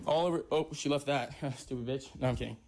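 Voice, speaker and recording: A man's voice: mid-range voice, quick pace. Furious, profane man ranting. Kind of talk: ranting stream clip. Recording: echoey room with faint background noise.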